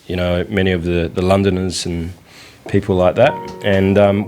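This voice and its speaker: An Australian man being interviewed in a relaxed, rambling way with many fillers and frequent laughs. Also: low voice, moderate pace, soft background music. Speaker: interview guest. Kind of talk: casual interview chat. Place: indoors in India.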